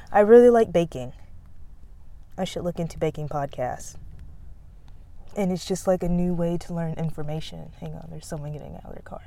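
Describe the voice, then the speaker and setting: Young woman, slightly low voice, casual rambling chat, laughs a lot, outdoors. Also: mellow. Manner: rambling, laughs often, loses her words. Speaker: podcast host. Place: outdoors, near a road.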